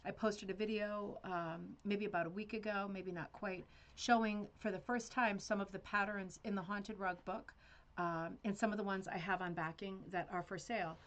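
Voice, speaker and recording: A woman's voice: mid-range voice, fairly even intonation, moderate pace, a bit bright. A woman hosting a rug hooking club livestream, chatting casually and rambling with fillers and laughs.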